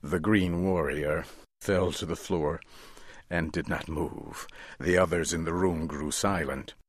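Deep, slow-reading male narrator. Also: fairly even intonation, breathy edge, dry recording. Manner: slow, measured, deliberate delivery. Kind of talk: scripted story narration.

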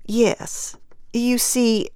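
A woman reading aloud, voicing a kindly gray-haired old woman who speaks warmly and calls others dearie. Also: on the high side, level tone, very slow, clear, resonant tone, dry recording, clean studio sound, pitched above the performer's own voice.

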